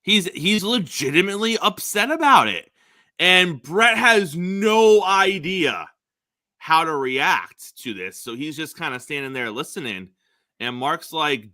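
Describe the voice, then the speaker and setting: Chatty sports podcast co-host man, bright voice. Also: a little high, animated, measured pace, no echo. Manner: chatty, laughs often, many fillers. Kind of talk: casual sports talk.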